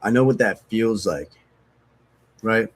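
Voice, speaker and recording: A man's voice: fairly low pitch, slow. A man in casual, candid talk about his recovery, rambling and frank, with swearing. He pokes fun at himself as he goes. He sounds a little sniffly, as someone coming off opiates. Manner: rambling, frank and profane, self-mocking. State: sneezing, withdrawal from opiates. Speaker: recovery vlogger.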